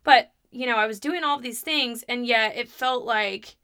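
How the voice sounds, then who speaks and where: A woman's voice: a little high, normal speed, bright, forceful tone, clear, resonant tone. A young woman in her twenties hosting a podcast, telling a personal story in an open, confessional, chatty way, with frequent laughs. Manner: laughs between remarks. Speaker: podcast host.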